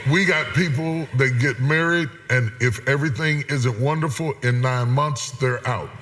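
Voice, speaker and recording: A middle-aged man preaching a sermon as a guest bishop, swinging from loud, emphatic preaching to hushed, intimate asides, with an amen responder. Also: medium pitch, normal speed, slight background noise. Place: large church auditorium. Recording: long reverb of a large hall.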